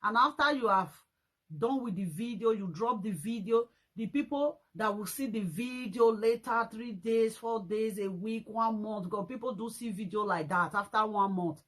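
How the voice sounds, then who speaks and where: A woman's voice: fairly high pitch, moderate pace, poor audio. A Nigerian woman vlogging a scolding rant, repeating her points and mixing in pidgin slang. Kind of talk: ranting commentary vlog.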